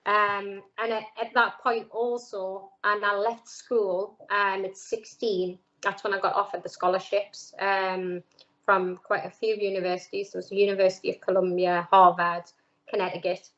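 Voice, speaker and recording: A woman's voice: medium pitch, normal speed, lo-fi sound. Chatty Geordie woman telling her story. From North East England. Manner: chatty, lively quoting of others, many "um"s and "like"s. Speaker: interviewee, former footballer. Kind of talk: casual storytelling interview.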